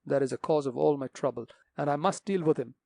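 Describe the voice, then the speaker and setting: A man voicing a stern older gentleman who speaks solemnly and with authority. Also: fairly high pitch, fast talker, creaky, no room sound. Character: stern older man, a returned father figure.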